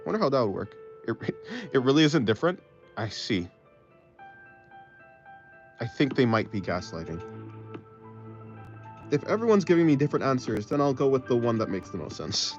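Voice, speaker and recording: Rambling streamer guy, lively pitch. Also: moderate pace, long pauses. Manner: rambling, thinking aloud, trailing off. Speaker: art livestreamer. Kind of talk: casual chat with a live stream audience. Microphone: phone. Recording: slightly dull audio, faint music.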